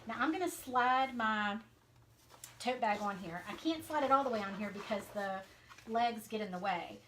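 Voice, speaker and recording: A woman's voice: a little high, expressive, normal speed, a bit bright. Southern lady rambling to her viewers while she crafts, lots of ums, noisy home recording. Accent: Southern American. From Southern United States. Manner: chatty, talks to viewers while working, many fillers. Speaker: craft vlogger. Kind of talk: casual live-stream crafting chat.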